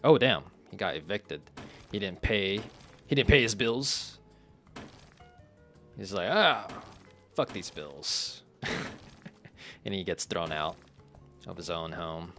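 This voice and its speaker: Faint, gentle music from a cozy renovation game underlies this streamer's laid-back commentary. Speaking low, slow and easy, he reads chat, talks to his viewers, and chuckles often as he plays.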